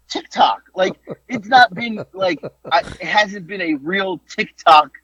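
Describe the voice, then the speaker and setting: A man co-hosting a casual podcast, telling stories with lively exclamations and some swearing. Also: sits high, unhurried. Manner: animated storytelling, swearing, exclamations. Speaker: podcast co-host. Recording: dull lo-fi dry podcast audio.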